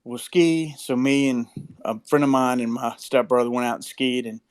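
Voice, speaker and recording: A man's voice: medium pitch, little pitch movement, normal speed. A man, telling a story as a father in an easygoing, self-mocking way. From Mississippi, US. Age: 50s. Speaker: father sharing a memory. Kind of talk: casual storytelling.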